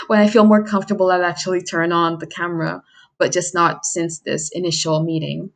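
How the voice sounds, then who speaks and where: A woman's voice: fairly low pitch, fairly even intonation, moderate pace, creaky. A young woman streamer chatting on her own in a casual, rambling way, drifting onto tangents with small laughs. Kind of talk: casual solo chat.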